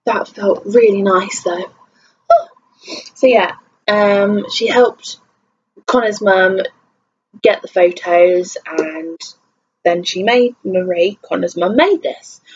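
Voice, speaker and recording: A woman's voice: mid-range voice, lively intonation, slow, pauses often, muffled recording, a little hiss or hum. A tired young woman from England chatting to camera in a rambling, self-deprecating vlog. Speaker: vlogger. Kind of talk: casual chat to camera.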